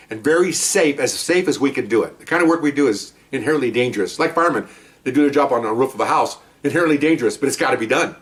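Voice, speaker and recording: An older man, a retired police officer, telling a war story from the job in a casual, animated way, now and then barking commands as he acts them out. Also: mid-range voice, distant mic.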